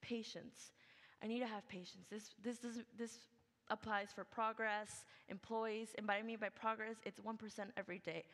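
A woman's voice: mid-range voice, steady tone, normal speed, a bit bright. A young adult woman giving a senior project presentation, chatty and upbeat, full of "like" and "okay". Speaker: student presenter. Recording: long hall reverb.

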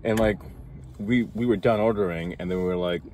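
Low-voiced man chatting over fast food. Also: slight background noise. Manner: relaxed, chatty, mumbles while chewing. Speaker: co-host of a food channel. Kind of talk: casual mukbang chat while eating.

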